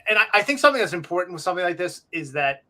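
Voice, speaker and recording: Rapid-fire and sing-song, a middle-aged co-host from Long Island, New York, rambles through a casual talk-show podcast with frequent restarts and self-deprecating humor. His voice sits high and sounds pushed and bright.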